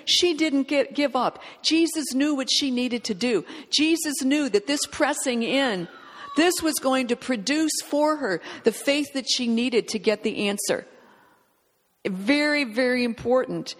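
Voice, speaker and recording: Fervent female preacher, fairly high voice, emphatic delivery, long hall reverb. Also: expressive, measured pace. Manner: fervent, emphatic, reads scripture aloud. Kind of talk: sermon.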